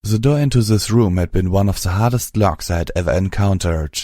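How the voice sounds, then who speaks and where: A man narrating an audiobook in a steady, measured storytelling voice. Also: low-pitched, dry recording, studio quality. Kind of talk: scripted narration.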